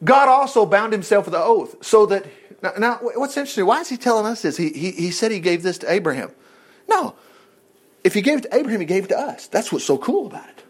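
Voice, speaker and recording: A man preaching a sermon in an animated way, acting out the voices of churchgoers as he reads and explains scripture. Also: high-pitched, fast talker, husky.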